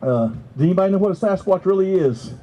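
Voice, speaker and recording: A man telling an animated story to an outdoor festival crowd, excitable and laughing. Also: fast talker, rough recording. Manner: excitable, laughing, leaps to high exclamations. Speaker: festival speaker. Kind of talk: animated storytelling to a live audience.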